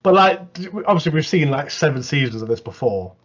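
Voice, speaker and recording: Guy on a podcast, husky voice, sounds kinda muffled and lo-fi. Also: on the high side, a little fast. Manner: animated, repeats mate a lot. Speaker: podcast co-host. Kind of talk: casual chat. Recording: dull lo-fi mic.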